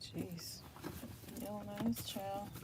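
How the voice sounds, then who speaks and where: A woman's voice: mid-range voice, steady tone, takes it slowly. A woman chatting to viewers on a live stream. She sounds tired and frustrated and talks loosely, first from her car and then inside a store, with her phone held up. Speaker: vlogger. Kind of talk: casual live-stream chat. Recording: phone recording with clear background noise.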